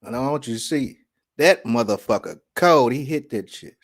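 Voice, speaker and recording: A man's voice: mid-range voice, expressive, moderate pace. A man hosting a vlog in a casual, preachy monologue, often checking in with the listener. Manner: preachy, keeps asking "right?". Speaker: vlog host.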